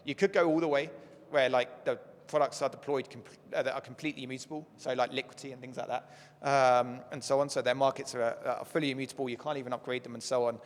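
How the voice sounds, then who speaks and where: A man speaking on a conference panel, explaining with lots of filler words, his voice going hoarse as he keeps clearing his throat. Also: mid-range voice, steady tone, fast talker. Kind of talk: panel discussion. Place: conference stage. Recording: echoey conference hall.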